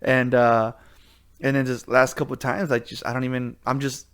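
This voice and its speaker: A man's voice: mid-range voice, normal speed, clear, resonant tone. A middle-aged man co-hosting a podcast, telling sports stories in casual chat, laughing and acting out quotes. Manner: animated storyteller, laughs while telling stories, acts out quotes. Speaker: podcast co-host.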